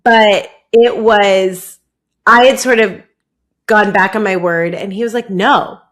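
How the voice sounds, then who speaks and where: A young woman telling a long personal story in casual podcast chat, rambling and animated, with many "like"s. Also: medium pitch, a little slow. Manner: rambling, animated, heavy use of "like". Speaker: podcast guest.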